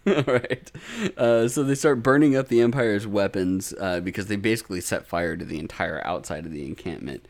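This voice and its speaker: Lowish male podcast co-host, tired and giggly, swears a lot, squeaks out character voices in casual recap chat. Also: moderate pace, darkish tone. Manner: laughs often, swears freely, acts out characters in high squeaky voices. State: tired, drinking.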